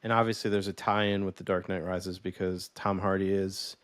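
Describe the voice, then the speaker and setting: Animated man storytelling on a podcast. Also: sits low, normal speed, dry recording. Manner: animated storytelling with quoted voices, laughs often. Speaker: podcast co-host. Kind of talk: casual chat.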